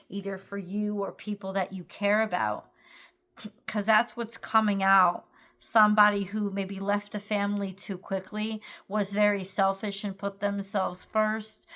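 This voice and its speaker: Woman, tarot reader, tired and yawning, meandering and thinking out loud, everyday voice. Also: medium pitch. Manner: rambling, thinking aloud with many fillers. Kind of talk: casual tarot reading to camera.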